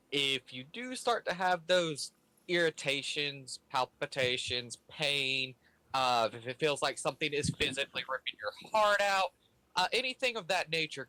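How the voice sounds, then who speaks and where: A man voicing a calm, caring healer character who gives measured, concerned advice in a tabletop role-play game. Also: medium pitch, dry recording, low-quality recording.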